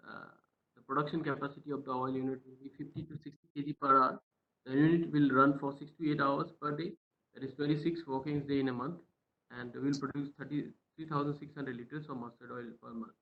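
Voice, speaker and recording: A man presenting slides in a webinar over a video call, hesitant with many fillers and speaking softly. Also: medium pitch. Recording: tinny phone-like line in an echoey room.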